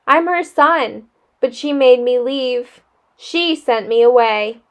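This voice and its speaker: A woman's voice: sits high, takes it slowly. A woman reading a storybook aloud, voicing a dramatic boy who talks in a formal, self-pitying way. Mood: sorrowful. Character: dramatic, wordy boy with dark glasses.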